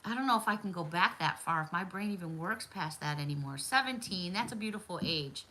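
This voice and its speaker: A woman's voice: lowish voice, lively intonation, a little fast, low-quality recording. A middle-aged woman hosting a casual livestream chat, talking to viewers by name and laughing often. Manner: chatty, warm-hearted, laughs often, talks to viewers by name. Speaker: livestream host.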